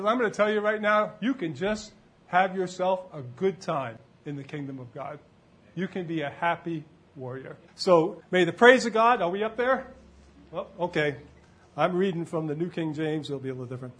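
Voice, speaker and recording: A man with a fairly high voice delivers a relaxed, conversational sermon. He keeps tossing questions out to the congregation and waits for their answers. It sounds like a church service in front of a live crowd. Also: normal speed, husky. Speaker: preacher.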